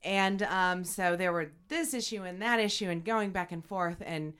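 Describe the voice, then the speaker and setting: A woman co-hosting a podcast in casual chat, telling stories in an animated, chatty way. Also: fairly low pitch, normal speed, over a noisy crowd. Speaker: podcast co-host.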